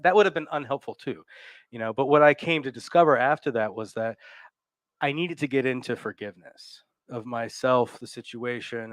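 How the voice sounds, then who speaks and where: A man hosts a frank conversation about recovery, speaking in a halting way with many fillers and repeated words. His voice sits in a middle register. The sound is dry and close. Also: mid-range voice, a bit bright, dry recording. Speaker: host. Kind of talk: candid recovery talk.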